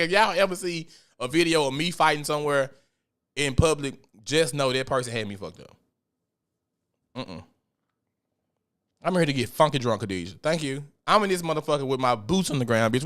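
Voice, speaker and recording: His voice is medium in pitch, bright and forceful as he rants on his casual solo podcast. The host is blunt, profane and joking, slipping into mock-preachiness when addressing God.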